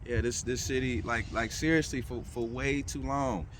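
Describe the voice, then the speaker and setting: A man speaks earnestly outside on a city street, stumbling and repeating himself as he goes. His voice sits at an ordinary middle pitch. Faint traffic hums around him. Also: steady tone, moderate pace. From Chicago. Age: 30s. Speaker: local resident. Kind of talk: street interview.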